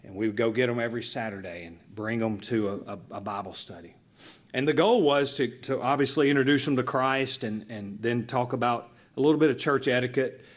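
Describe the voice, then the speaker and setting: Husky-voiced male pastor preaching. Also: medium pitch, brisk. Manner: animated storytelling with emphatic dynamic shifts. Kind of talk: sermon.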